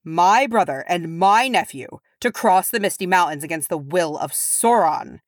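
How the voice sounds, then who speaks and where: A woman's voice: lowish voice, animated, normal speed, dry recording, studio quality, natural voice. A woman voicing a hot-tempered male dwarf healer who roars in anger. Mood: furious. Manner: roaring, sullen.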